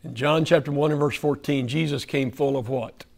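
A man's voice: a little high, steady tone, moderate pace, gravelly. A man with an Oklahoma accent preaching a folksy, conversational sermon in a church fellowship hall, putting questions to the room.

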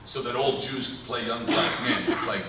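A man's voice: mid-range voice, normal speed, heavy background noise. A man, a film director, telling rambling anecdotes on stage with frequent chuckles, taped from the audience. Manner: rambling, chuckling, animated storyteller. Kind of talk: anecdotal Q&A storytelling. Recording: echoey hall, taped from far off in the audience. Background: audience laughter and room ambience.

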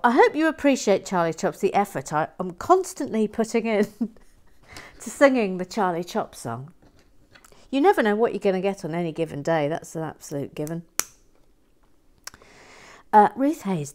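A woman hosting a Lego build channel, reading viewer comments playfully and whispering softly while building. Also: on the low side, sing-song, moderate pace, long pauses. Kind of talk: casual chat and soft whispered building commentary.

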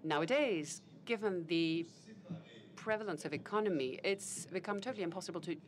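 A woman giving live spoken interpretation of a panel conversation, formal and measured, often pausing on fillers and correcting herself mid-phrase. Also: fairly low pitch. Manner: halting, with fillers and self-corrections.

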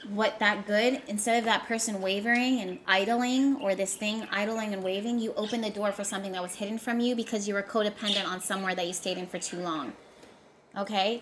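A woman's voice: mid-range voice, a little hiss or hum. Emphatic woman giving a tarot reading. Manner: emphatic, repetitive, talks straight to viewers. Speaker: tarot reader. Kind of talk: casual tarot reading to camera.

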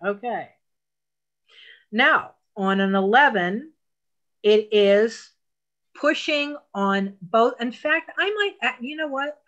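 A woman leads an online phone class at an unhurried pace. Her voice is bright and forward, and she gives patient, step-by-step instructions with emphatic asides. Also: mid-range voice.

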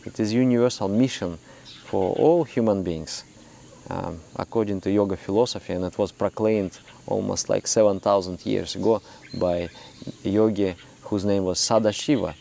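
Low gravelly man giving a spiritual talk. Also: warm tone, slight background noise. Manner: earnest and reflective, with pauses and restarts. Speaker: spiritual teacher. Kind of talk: meditation talk.

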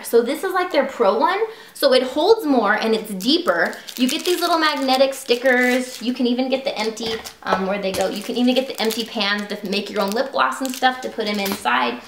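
A woman's voice: fairly high pitch, a bit bright. A woman beauty vlogger chatting casually and gushingly about products she loves. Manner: gushing, chatty, lots of "like" and "super". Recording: echoey room.

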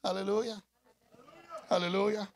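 A man preaching a rousing call-and-response sermon as pastor, rising to shouts. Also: high voice, flat delivery, normal speed, creaky.

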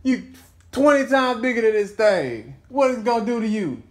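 A man's voice: very high voice, big pitch swings, normal speed. A man pranking his wife at home, teasing and laughing in a casual home video. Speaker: husband pulling a prank. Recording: echoey room.

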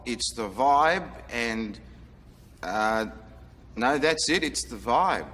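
A flustered middle-aged suburban lawyer, halting, grasping for words, long reverb. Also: male voice, mid-range voice, expressive, pushed and bright, slight background noise, full character voice. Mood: floundering.

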